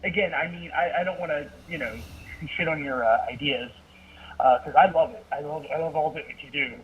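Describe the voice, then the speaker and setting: A man calling in to offer advice, hedging every point with fillers and putting himself down. His voice sits somewhat high and comes through a distant phone line. A faint hiss of noise lies under his words. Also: fairly quick. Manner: hesitant, filler-heavy, self-deprecating. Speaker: caller, writer. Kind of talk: casual advice on a call.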